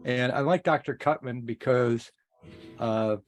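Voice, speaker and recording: A man's voice: medium pitch, unhurried. Rambling goofy man. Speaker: improv player. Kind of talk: casual self-introduction. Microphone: video call.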